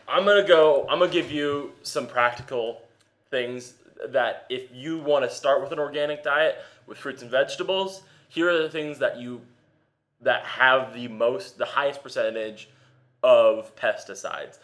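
A man of ordinary pitch co-hosting a relaxed conversation. He talks eagerly, stacking facts and figures, and often stops to restart a sentence before finishing it. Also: unhurried. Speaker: podcast co-host. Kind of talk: casual chat.

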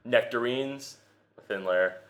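A man's voice: mid-range voice, a little slow, fairly bright tone. A man co-hosting a casual talk show, eagerly listing facts and often restarting his sentences. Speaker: podcast co-host. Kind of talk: casual chat.

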